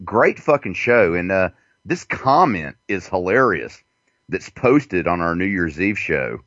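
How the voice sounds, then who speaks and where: A man's voice: low-pitched, measured pace, dry recording. A male host chatting loosely and crudely, his voice swinging widely up and down as he rambles through fillers. The recording is dull and lo-fi, and it sounds very dry and close, with no room around it. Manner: animated, profane, rambling with fillers. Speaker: show host. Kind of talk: crude casual radio chat.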